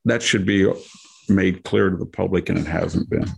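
A man's voice: low voice, fairly even intonation, moderate pace, gravelly, darkish tone, slightly rough. An older man giving rambling political commentary on a podcast, often slipping into mock quotes of others.

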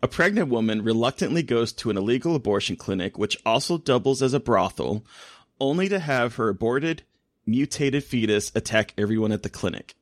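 An animated man chatting on a podcast, laughing his way through a story as he talks. His voice sits at an ordinary middle pitch and is recorded very dry and close, with no room sound around it. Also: fairly quick, no room sound. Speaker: podcast co-host. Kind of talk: casual chat.

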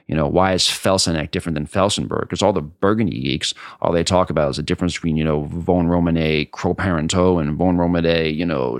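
A man's voice: low voice, dry recording, studio quality. A man who imports wine, speaking in an interview in a passionate, emphatic and combative way. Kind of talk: interview answer.

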